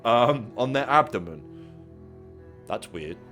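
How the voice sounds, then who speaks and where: A man's voice: mid-range voice, sing-song, slow, fairly bright tone, soft background music. A young man co-hosting a casual comedy chat. He reads animal facts aloud, riffs on them and swears often. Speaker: podcast co-host.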